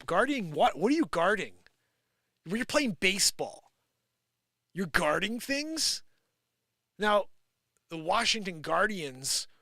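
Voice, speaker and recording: A man hosting a live stream, ranting in an improvised and sarcastic way, swinging from loud outbursts to low muttering. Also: creaky, dry recording, studio quality. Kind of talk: improvised live opinion rant.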